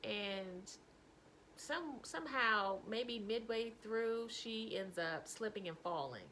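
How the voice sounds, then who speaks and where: A woman spins a casual story to camera. Her pitch leaps and dips as she gets carried away, slipping into whispers and laughter. A faint hiss sits under the voice. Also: slow pace, rough recording. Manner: animated, breaks into helpless laughter, drops to whispers. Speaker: vlogger telling a personal story.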